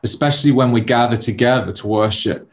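A man's voice: mid-range voice, fairly quick. A man hosting a faith interview, affirming his guest and reflecting on what was said. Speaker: interview host.

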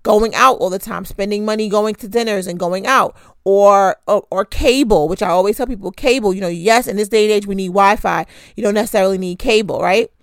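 A woman's voice: mid-range voice, a little fast, hardly any pauses, dry recording. A woman hosting a podcast, giving frank, conversational money advice with mild swearing and self-deprecating asides. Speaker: podcast host. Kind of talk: casual personal finance talk.

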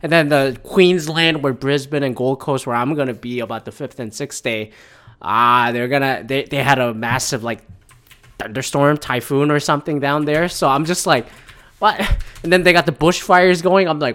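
A man's voice: mid-range voice, normal speed, a bit bright, smooth. A man hosting a casual solo podcast, rambling and swearing often, with frequent restarts, into a podcast mic. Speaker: podcast host. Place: home recording in Michigan. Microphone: podcast microphone.

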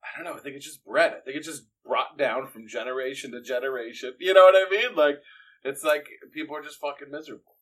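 A man from northeastern Pennsylvania in casual, profane chat, telling animated stories and swearing constantly. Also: mid-range voice, quick pace.

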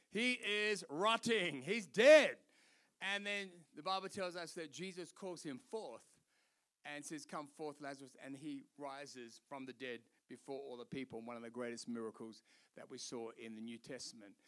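A man's voice: fairly high pitch, a bit bright. A middle-aged man preaching a sermon as pastor, emphatic, repeating phrases and acting out quotes.

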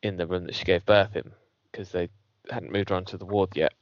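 Man, low voice, sweary laughing storyteller, dry dull recording. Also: steady tone, fairly quick, dry recording. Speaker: podcast co-host. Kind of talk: casual banter.

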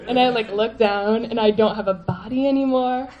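A woman telling a personal story to a live audience, animated and laughing, full of "like" fillers. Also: on the high side, moderate pace, lo-fi sound.

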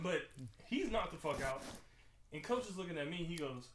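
A man's voice: a little high, animated, normal speed, a bit bright, reverberant, slight background noise. A young man telling a story in casual chat, laughing often.

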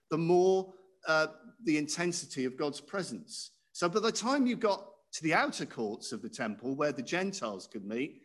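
A man preaches a sermon conversationally, often asking his listeners questions. His voice is fairly high-pitched and a bit bright.

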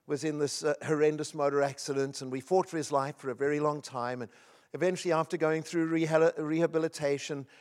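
A man's voice: on the high side, fairly even intonation, fairly quick. A middle-aged man preaching a sermon, telling personal stories in an earnest, emphatic way. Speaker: pastor.

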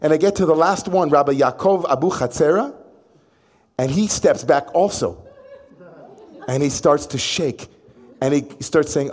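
A man, a rabbi, telling a personal story in an animated, dramatic way. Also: fairly high pitch, measured pace, pauses often.

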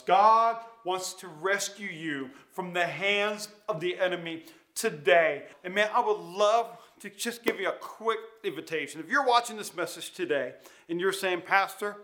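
A high, bright male voice delivers an earnest sermon, leaning hard on key words and letting pauses hang. The sound carries the echo of a large room around him. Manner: earnest, emphatic preaching with dramatic pauses. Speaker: pastor. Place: church, streamed online.

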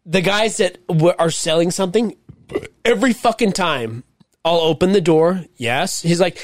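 A man's voice: high-pitched, moderate pace, dry recording. Man, podcast co-host, casual chat, wry, swears, dry close sound. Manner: wry, swearing, laughs at stories.

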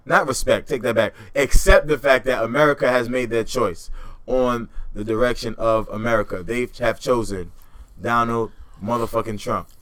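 Guy ranting and joking w his buddy, cusses a lot, loud slangy bursts. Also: medium pitch, fairly even intonation, normal speed, no room sound. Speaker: co-host. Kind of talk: casual political chat.

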